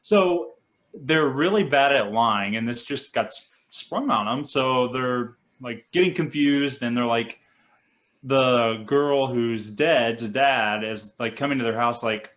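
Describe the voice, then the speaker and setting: A man's voice: mid-range voice, slow pace. A young man co-hosting a casual podcast, retelling a movie plot with lots of acted-out quotes. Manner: animated storyteller acting out quotes. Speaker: podcast co-host.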